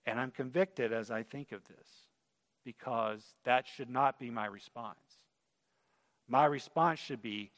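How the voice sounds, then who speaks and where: In a reverberant auditorium, a man with a medium-pitched, fairly bright voice preaches a sermon at an unhurried pace. He is earnest and conversational, acting out the quotes he shares.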